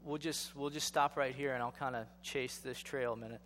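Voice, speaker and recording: A man's voice: mid-range voice, steady tone, brisk, fairly bright tone, long reverb tail, a little hiss or hum. A male pastor giving a sermon in a conversational style, asking rhetorical questions and building to emphatic exhortation.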